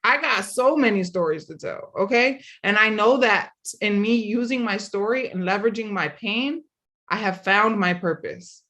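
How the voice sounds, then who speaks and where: A woman's voice: mid-range voice, moderate pace, a bit bright. A woman hosting a casual motivational talk, earnestly encouraging listeners directly. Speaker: podcast host.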